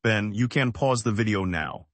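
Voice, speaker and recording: Slow-speaking man teaching English. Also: on the low side, a bit bright, no echo. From United States. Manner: slow, simple, evenly paced sentences. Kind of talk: slow scripted lesson.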